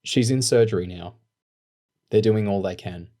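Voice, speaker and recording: A man voicing a calm Australian boy. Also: on the low side, normal speed, close to an everyday voice. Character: twelve-year-old Australian boy, earnest, gentle. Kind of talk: audiobook reading.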